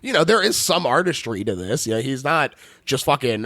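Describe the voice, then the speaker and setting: A man's voice: medium pitch, big pitch swings, brisk, sharp tone, no room sound. A man with a Philadelphia accent hosting a podcast, recapping a horror film in a casual, laughing, profane way. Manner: laughs often, swears, playful recapping. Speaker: podcast host. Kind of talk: casual movie recap chat.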